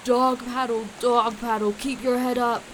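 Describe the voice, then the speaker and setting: A woman's voice: a little high, flat delivery, measured pace, slight background noise, natural voice. A woman voicing a loyal male hunting dog who barks out urgent calls in a storybook reading. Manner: barking, howling calls.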